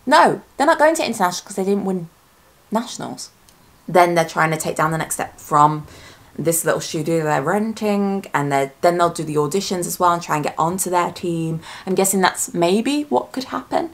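Excitable woman chatting through a reaction. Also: fairly low pitch. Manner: chatty and excitable, thinking aloud with quick gasps and asides; speculative fan talk, often self-correcting. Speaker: YouTuber reacting to a trailer. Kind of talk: casual reaction commentary.

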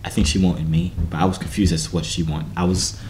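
A young YouTuber talks to his viewers in quiet, low-key asides. His voice is roomy, and a clear background noise runs underneath. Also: flat delivery, fast talker. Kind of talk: casual vlog aside.

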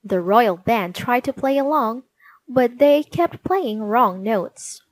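A woman reading a children's storybook aloud, gently and clearly. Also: a little high, animated, slow, no room sound.

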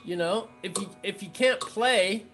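A man teaching rhythm in a casual music lesson, chanting rhythm syllables between relaxed explanations. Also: sits high, measured pace. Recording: noisy recording with clicks.

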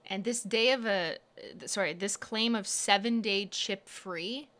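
A woman's voice: mid-range voice, unhurried, fairly bright tone. A woman live-streaming about nails, chatty and exasperated as she talks straight to her viewers. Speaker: nail art streamer.

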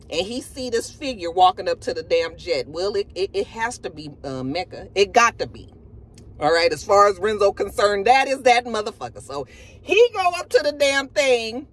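A woman recapping a TV episode in a casual, profane and animated storytelling manner. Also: on the high side. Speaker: TV show reviewer.

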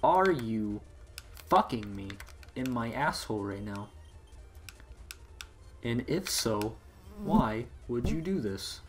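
A man giving casual, profanity-laden commentary while playing a video game, breaking into excitable outbursts. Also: mid-range voice, slow, long pauses, faint music behind. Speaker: let's play gamer.

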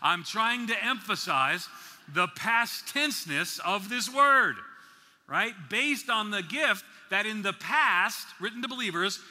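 With a high, bright, pushed voice, a New York City-area preacher speaks animatedly at a conference, pausing deliberately on key words. Playful asides pepper his sermon, which reverberates through the large hall.

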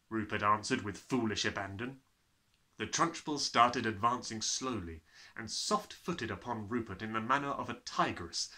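A man reading a children's novel aloud, with animated, expressive narration. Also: lowish voice. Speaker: audiobook reader. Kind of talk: storybook narration.

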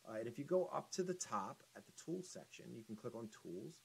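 A man giving a casual screen-share tutorial on getting business reviews, talking in a relaxed, chatty way with frequent ums and restarts. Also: medium pitch, a little fast, creaky, breathy edge, poor audio. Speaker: business marketing instructor.

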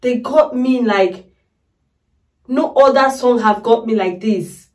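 Woman, reaction vlogger, tearful, effusive, repeats herself, highish voice, a bit off-mic. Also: slow pace, a little mellow, far from the mic. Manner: effusive, repeats exclamations, keeps calling viewers "guys". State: tearful, crying. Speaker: music reaction video host. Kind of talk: emotional reaction vlog.

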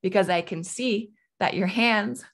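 A woman in her thirties hosts a solo parenting podcast, speaking at a measured pace in a medium-pitched voice. She gives advice like a conversational coach, often tossing in "right?" asides.

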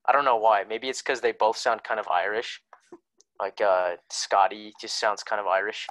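A man's voice: lowish voice, fairly even intonation, normal speed, fairly bright tone, dry recording, rough recording. A young man co-hosting a casual sports podcast, laid-back and jokey, rambling a little. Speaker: podcast co-host.

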